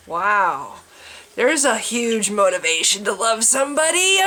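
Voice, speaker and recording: A woman's voice: medium pitch, very animated, slow, bright, forceful tone. A woman ranting casually to her camera, wry and sarcastic, acting out little scenes as she talks. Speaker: vlogger.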